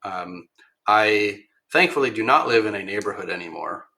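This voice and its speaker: Guy guest on a podcast, low-ish bright voice, rambly w lots of ums. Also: normal speed. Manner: rambling, many ums and restarts, animated when quoting others. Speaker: podcast guest, machine shop owner. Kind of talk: casual storytelling.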